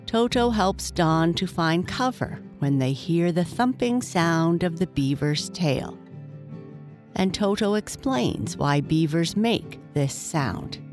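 A woman reading a children's story aloud in a slow, measured way. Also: lowish voice, lively intonation, a little mellow, soft background music. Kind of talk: read-aloud storybook narration.

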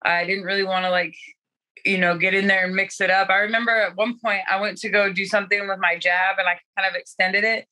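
A woman's voice: medium pitch, fairly even intonation, brisk, pushed and bright, poor audio. A young adult woman fighter telling her story candidly in a casual interview, laughing often and swearing freely. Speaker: guest fighter.

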